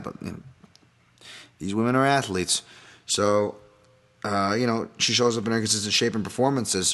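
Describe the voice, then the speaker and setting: Rambling low-voiced male podcast host. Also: a bit bright. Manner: rambling, self-deprecating, many fillers and restarts. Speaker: podcast host, fight analyst. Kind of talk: casual solo podcast breakdown.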